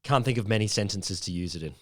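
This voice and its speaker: Australian man, podcast co-host, lowish voice, playful interjections, dry sound. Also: expressive, a bit bright, no echo. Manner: playful, quick interjections, stammering restarts. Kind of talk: casual science chat.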